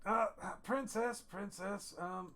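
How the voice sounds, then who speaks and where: A man's voice: high voice, slow pace, gravelly, a bit bright, voice pushed up, heavily acted. A man voicing a drunk, cheerful male dwarven guard in a tabletop game, boastful and slurring. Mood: tipsy cheerful.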